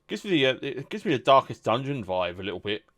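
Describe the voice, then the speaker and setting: Fighting a cold, this gaming YouTuber talks fast in a mid-range, somewhat bright voice with big pitch swings. His let's-play commentary is casual and rambling, and he keeps starting his thoughts over.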